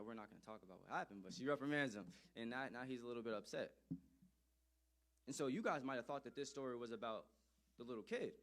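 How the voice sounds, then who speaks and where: A man telling a personal story to an audience in an animated, emphatic way, often repeating phrases for effect. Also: mid-range voice.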